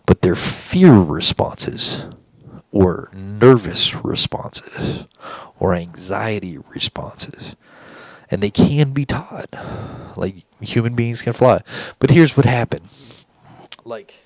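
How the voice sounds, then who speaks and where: Low-voiced man, profane and rambling. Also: slow pace, dry recording. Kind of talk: casual monologue recounting an encounter.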